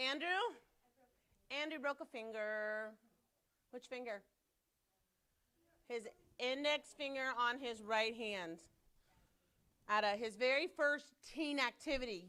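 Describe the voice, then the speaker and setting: A bubbly woman leads a children's Sunday school class, teasing the kids and rattling along quickly. Her voice is bright and a little high, with a forceful ring to it. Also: clear, resonant tone. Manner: bubbly, teasing, fast-talking. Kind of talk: children's class, lively and playful.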